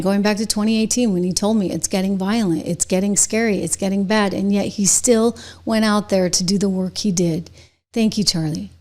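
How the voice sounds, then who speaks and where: A middle-aged woman hosts her own political commentary show, speaking directly to her viewers. Her voice sits at a middle pitch, and she turns indignant and emphatic, leaning hard on her points. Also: a little mellow. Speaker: show host.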